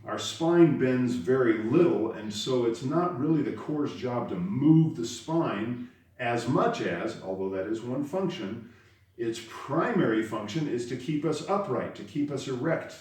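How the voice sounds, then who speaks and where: A man's voice: medium pitch, darkish tone. A man teaching karate, explaining step by step and stressing the key words. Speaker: karate instructor. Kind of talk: spoken lesson. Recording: very echoey room, voice far from the mic.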